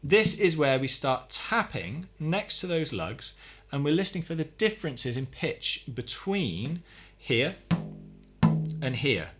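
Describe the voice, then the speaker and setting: A man giving a calm, methodical hands-on tutorial, explaining each step as he works on a drum. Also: a little high, slow pace, soft background music. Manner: calm, methodical, talks while working. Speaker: drum teacher.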